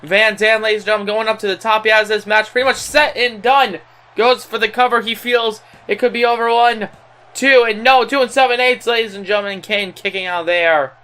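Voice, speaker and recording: A young man giving play-by-play wrestling commentary over a video game as a gaming channel host, with an excited announcer voice, many fillers and self-corrections. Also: sits high, fairly quick, clean tone.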